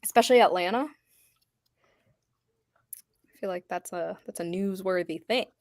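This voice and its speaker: A woman chatting on a video call in a relaxed, teasing way, swearing casually. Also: fairly low pitch, moderate pace, no room sound, studio quality. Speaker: booktube host. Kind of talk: casual chat.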